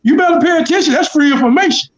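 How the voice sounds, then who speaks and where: A man's voice: very high voice, very fast. A man in a casual chat, talking earnestly and repeating his points for emphasis. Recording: dull lo-fi sound.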